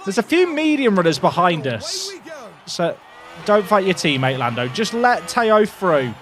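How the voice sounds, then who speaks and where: Lively high-voiced young man. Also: unhurried. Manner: excitable, jokey, talks to chat, yells at drivers. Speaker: gaming video creator. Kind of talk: casual gameplay commentary.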